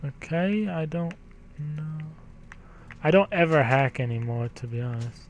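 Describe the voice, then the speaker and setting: A man giving gameplay commentary, profane, grumbling and yelling at the game. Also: fairly high pitch, unhurried, slight background noise. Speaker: let's play gamer.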